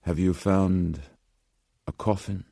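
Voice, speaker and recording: Man voicing an anxious old pawnbroker, Slavic-tinged accent, deep, grave and measured. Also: steady tone, vocal fry, no room sound, clean studio sound, exaggerated voice. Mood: urgent hushed. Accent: Slavic-tinged, as put on. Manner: slow, grave, hushed insistence.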